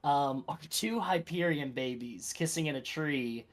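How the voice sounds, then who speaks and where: An excitable player talks through the session in a loose, chatty way. Nearly every phrase is padded with "like" and "everything like that.". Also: mid-range voice, measured pace. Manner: excitable, filler-heavy, leans on "like". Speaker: tabletop game player. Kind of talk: casual post-session chat.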